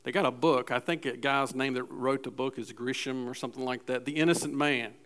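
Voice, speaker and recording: A man's voice: medium pitch, steady tone, fairly quick, fairly bright tone. A middle-aged man preaching a sermon in church, speaking in a conversational way with restarts and acted-out asides. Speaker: pastor.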